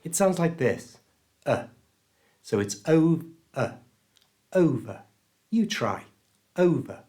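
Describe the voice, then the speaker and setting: A man's voice: a little high, sing-song, a little slow, mellow. A man with a British accent teaching English pronunciation in a scripted lesson, stressing each sound with care. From United Kingdom. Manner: careful, clear pronunciation coaching.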